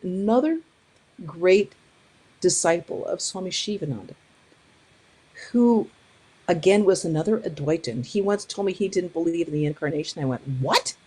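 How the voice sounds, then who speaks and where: A woman, a nun giving a storytelling talk, who speaks in a lively way and acts out the voices she quotes. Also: medium pitch, normal speed, husky.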